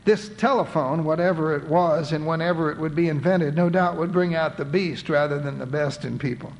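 A man's voice: a little high, moderate pace, slight background noise, poor audio. A man narrating a biblical story aloud and voicing its characters, reading scripture with dramatic emphasis.

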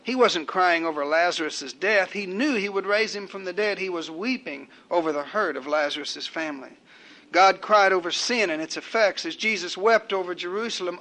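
An older man preaching a sermon in a measured, rhetorical way, building his points through repeated phrases. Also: sits high, sharp tone.

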